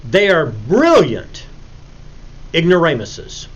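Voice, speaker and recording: A man giving a recorded Bible lecture in a preacherly way, acting out little stories with sudden loud emphasis. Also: on the high side, wildly swooping pitch, slow pace, husky, muffled recording.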